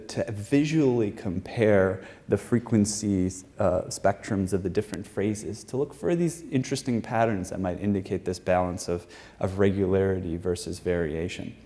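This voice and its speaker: Halting man giving a live science talk. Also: lowish voice, dark tone. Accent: American. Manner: halting, many fillers and restarts, explanatory. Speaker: researcher presenting his study. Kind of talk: live lecture presentation. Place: performing arts center stage.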